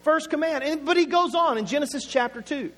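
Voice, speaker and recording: A man's voice: extremely high pitch, a little fast, fairly bright tone. A man from Oklahoma with an Oklahoma accent, preaching a sermon in a playful, conversational way and stretching words for emphasis. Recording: echoey hall with faint music.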